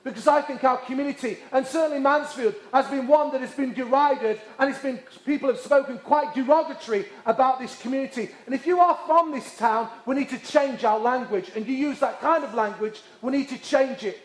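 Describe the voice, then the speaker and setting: High-voiced preacher in an echoey hall. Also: male voice, a little fast, few pauses. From England. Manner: passionate, repetitive emphasis, drops to hushed tones. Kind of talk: sermon.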